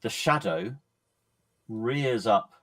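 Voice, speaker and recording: A man acting as game master who lays out dark scenes slowly and deliberately, leaving pauses between phrases. His voice sits at an ordinary middle pitch. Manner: measured, descriptive, with pauses. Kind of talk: narrating a horror tabletop game.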